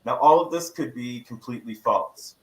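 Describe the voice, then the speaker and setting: A man, the show's house attorney, calmly breaking down a legal case on a podcast panel. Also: medium pitch, reverberant, rough recording. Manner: measured legal explanation.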